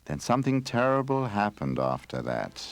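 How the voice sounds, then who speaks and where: Mournful old forest tree, soft and slow, very deep, as a male narrator puts it on. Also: sing-song, music in the background. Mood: hushed. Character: ancient forest tree, sorrowful and hushed.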